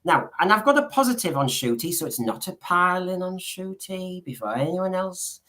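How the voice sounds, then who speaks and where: A man's voice: high voice, sing-song, moderate pace, sharp tone. A man co-hosting a podcast in casual chat, rambling along and often restarting his sentences with repeated words. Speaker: podcast co-host.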